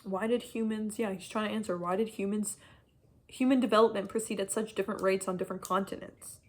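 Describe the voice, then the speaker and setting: A young adult woman giving a casual chapter-by-chapter book review, talking in an animated, frustrated rant full of "like". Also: medium pitch, fairly quick. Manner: animated, frustrated ranting, heavy use of "like". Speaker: book vlogger.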